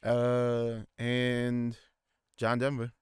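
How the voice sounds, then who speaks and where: In a clean studio recording with no echo, a man co-hosts a casual podcast chat. His mid-range voice is darkish and clean, delivered completely flat and extremely slowly, and he rambles with many restarts and fillers, slipping into goofy put-on voices.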